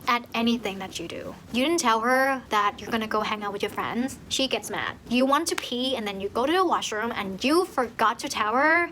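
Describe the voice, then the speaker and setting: A young woman ranting in a casual book review, animated, swearing and laughing often. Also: a little high, slight background noise, rough recording. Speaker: book vlogger.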